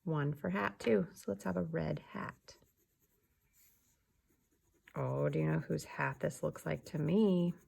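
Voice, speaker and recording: A young woman teaching a remote class for young children, slow, soft and patient, often dropping to a whisper. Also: deep voice, vocal fry, slightly rough.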